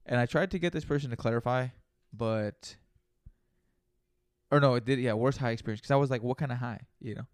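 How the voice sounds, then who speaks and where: A man's voice: mid-range voice, fairly quick, clean tone, dry recording, studio quality. A young man hosting a casual solo podcast, rambling and joking with lots of profanity and playful repeated asides. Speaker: podcast host.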